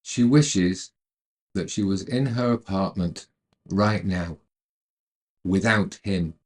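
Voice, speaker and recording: A man narrating a retelling of a film's plot in a calm, measured way, then adding his own commentary. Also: low voice. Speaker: storyteller retelling a film.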